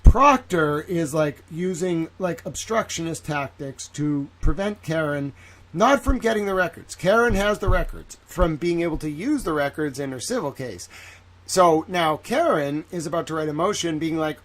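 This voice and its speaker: A man's voice: on the high side, lively intonation, moderate pace. A man doing casual livestream commentary on legal filings, talking with a put-on Southern drawl. He rambles with joking asides and fills his talk with "like". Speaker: live-stream legal commentator.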